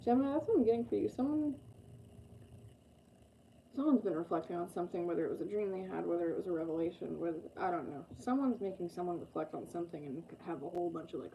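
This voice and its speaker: A woman's voice: fairly low pitch, fast talker, creaky, noisy background. A woman giving a casual, rambling tarot reading, full of fillers and the odd swear. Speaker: tarot reader.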